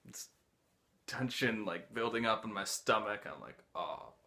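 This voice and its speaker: A man's voice: on the low side, unhurried. A young man casually telling a personal story, animatedly acting out the dialogue of the people in it. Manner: animated, acts out dialogue in quoted voices. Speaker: host.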